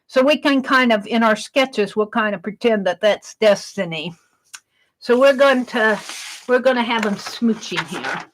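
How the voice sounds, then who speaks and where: A woman's voice: a little high, a little slow, low-quality recording. A woman chatting on a live art stream, talking through her sketch and reading viewers' comments aloud. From Wisconsin. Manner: chatty, reads chat aloud while sketching.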